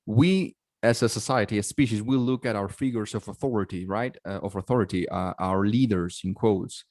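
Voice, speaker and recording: Agreeable low-voiced podcast host man. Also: normal speed, darkish tone, no echo, studio quality. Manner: agreeable, frequent affirmations. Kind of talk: casual podcast chat.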